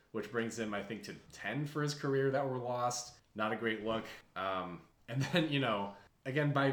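A man's voice: lowish voice, a bit bright. A man co-hosting a casual sports podcast, breaking down games in a wry, self-deprecating way. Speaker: podcast co-host. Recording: roomy echo.

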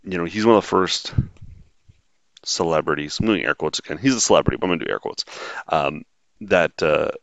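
Deep-voiced sarcastic man, dry dull sound. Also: a little fast, creaky, pauses often, fairly bright tone, no echo. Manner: sarcastic, blunt, rambling with fillers. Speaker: podcast host. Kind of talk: solo podcast monologue.

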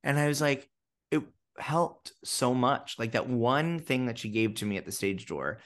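A young man, a theatre producer, telling stories in a casual interview in an animated, gushing way, with many fillers and restarts. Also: mid-range voice, unhurried.

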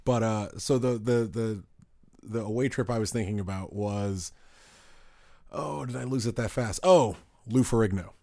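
A man's voice: fairly low pitch, moderate pace, mellow, no echo, studio quality. A man co-hosting a podcast, telling stories in a rambling, self-interrupting way and laughing at his own tales. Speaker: podcast co-host. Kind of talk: casual storytelling chat.

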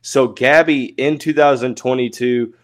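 A young man hosting a sports podcast, talking casually with many filler words and quick self-corrections. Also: medium pitch, fairly even intonation. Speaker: podcast host.

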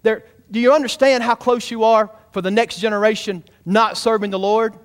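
Pastor in the pulpit, high-pitched, emphatic, pushes the congregation to respond. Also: male voice, steady tone, normal speed, clear, resonant tone. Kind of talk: sermon. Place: church sanctuary.

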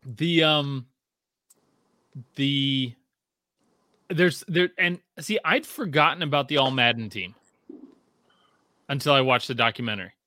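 A man at medium pitch chats casually and unhurriedly, with long pauses, on a clean studio recording with no room sound. He rambles and swears, full of fillers and restarts, and tells stories animatedly, voicing the quotes himself.

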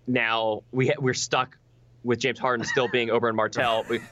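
A man guesting on a casual chat, making dry deadpan asides. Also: mid-range voice, normal speed. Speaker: guest, web series co-creator.

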